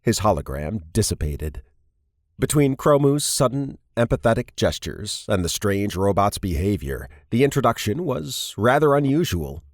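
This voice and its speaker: A man narrating an audiobook in a steady storytelling manner. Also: on the low side, moderate pace, no room sound, studio quality. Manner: steady storytelling, varied character reads. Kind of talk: scripted narration.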